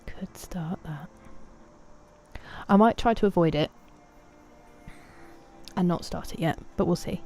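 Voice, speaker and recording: A woman's voice: on the low side, normal speed, long pauses, a little mellow. A young woman streaming a game, chatting playfully and greeting viewers by name. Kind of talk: casual live-stream chat while gaming. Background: faint game music.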